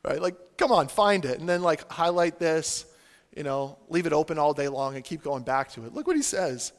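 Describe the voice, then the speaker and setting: A man preaching a sermon in a casual, animated way, peppering his talk with "like" and acting out the voices of the people he quotes. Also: fairly high pitch, moderate pace, in a large hall. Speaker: pastor.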